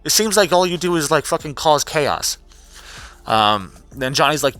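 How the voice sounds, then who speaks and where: A young man giving a casual, profane recap vlog, animated and full of fillers and restarts. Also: a little high, moderate pace, no echo, soft background music. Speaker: vlogger recapping a trial.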